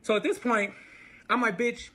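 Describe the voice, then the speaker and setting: A man retelling a messy relationship story in casual speech, animated and profane, acting out every quote. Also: very high voice, moderate pace, background noise. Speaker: storyteller guest.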